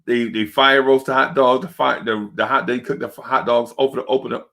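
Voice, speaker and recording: A young man hosting a fan livestream show and telling a long, animated story, jumping into high voices to act out the other people in it. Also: fairly quick, gravelly. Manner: acts out other people's voices in his stories, high-pitched and excitable. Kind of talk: animated storytelling and casual chat.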